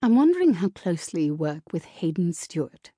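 A woman's voice: on the low side, sing-song, brisk, mellow, slightly rough, no room sound, clean studio sound. A woman voicing a stern, blunt middle-aged woman professor who speaks curtly and dismissively. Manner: curt and dismissive.

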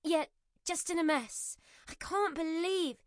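A woman narrator voicing a flustered, self-blaming young mother in an audiobook, her voice high and strained. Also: takes it slowly, no echo, clean studio sound. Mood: distraught. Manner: frantic, self-critical outbursts.

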